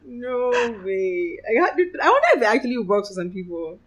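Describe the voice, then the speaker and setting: A woman co-hosting a podcast in casual chat, expressive and giggly. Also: mid-range voice, brisk. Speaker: podcast co-host.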